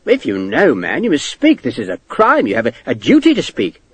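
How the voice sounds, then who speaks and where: A male narrator voicing a brisk, skeptical army major who talks in a dismissive, clipped way. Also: mid-range voice, wildly swooping pitch, slightly rough, no echo. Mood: insistent.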